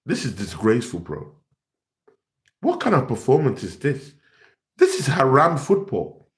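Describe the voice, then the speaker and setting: A man's voice: medium pitch, huge pitch swings, a little slow. A young man, host of a football fan channel, ranting in exasperation and repeating himself. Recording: echoey room.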